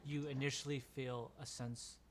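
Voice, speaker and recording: A man's voice: mid-range voice, level tone, normal speed, very noisy. A man acting as game master, describing scenes in a tabletop game over voice chat, with a lot of filler words.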